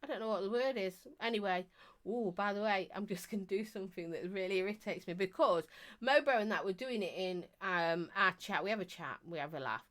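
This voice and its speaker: A woman's voice: medium pitch, a little fast. A middle-aged woman, chatting on a live stream as she reads out viewer comments, teasing and talking non-stop with bursts of laughter. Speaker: vape reviewer and live streamer.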